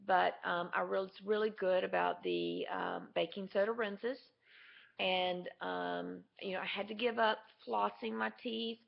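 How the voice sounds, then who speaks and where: A woman's voice: medium pitch, vocal fry. A woman talking candidly and chattily to camera in a casual video diary. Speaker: vlogger. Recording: dull lo-fi camera audio.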